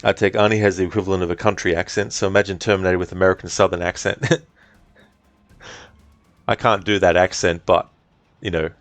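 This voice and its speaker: A man's voice: sits low, a little fast, long pauses, dry recording, soft background music. A man streaming a game, chatting casually, reading chat aloud and swearing now and then. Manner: relaxed, chatty, reads chat aloud, swears, laughs often.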